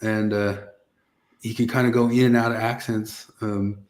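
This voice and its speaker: A man's voice: on the low side, little pitch movement, normal speed, a little mellow, a little hiss or hum. A man, a podcast co-host, chatting in an easygoing way, often laughing and trailing off. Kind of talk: casual chat.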